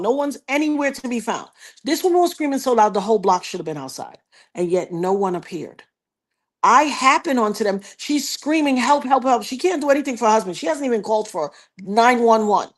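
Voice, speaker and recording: A middle-aged woman telling a personal story in an animated, emphatic way, acting out quotes and speaking straight to the listener. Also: on the high side. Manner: emphatic, addresses listener directly, acts out quotes.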